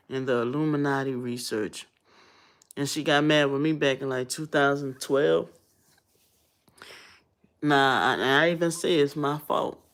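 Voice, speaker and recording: A woman in her thirties, a vlogger telling stories in a blunt, casual, animated way. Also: deep voice. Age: 30s. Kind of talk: casual storytelling rant.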